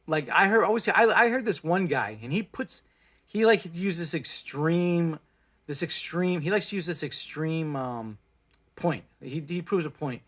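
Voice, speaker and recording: A man's voice: a little high, breathy edge. A man in his forties whose first language is Spanish, chatting bluntly on a livestream and swearing freely as he gives pep-talk advice. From Mexico. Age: 40s. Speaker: plant-based food vlogger. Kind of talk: casual livestream chat. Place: indoors, live stream.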